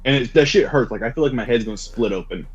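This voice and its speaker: A young man co-hosting a podcast, telling stories in a casual, profane, animated way. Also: mid-range voice, husky. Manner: rapid, profane, animated storytelling. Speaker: podcast co-host. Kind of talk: casual storytelling chat. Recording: dull lo-fi sound.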